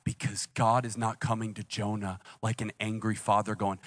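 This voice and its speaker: A man's voice: on the low side, level tone, normal speed, hardly any pauses. Man preaching in a reverberant hall. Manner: swings from hushed intimacy to loud emphatic pleading. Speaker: pastor. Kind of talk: sermon. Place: church auditorium.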